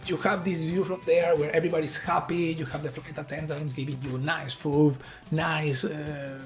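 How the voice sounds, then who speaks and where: A man's voice: a little high, level tone, moderate pace, faint music behind. A man from Argentina, a native Spanish speaker with an Argentine accent, giving an earnest, persuasive tech conference talk built around an analogy.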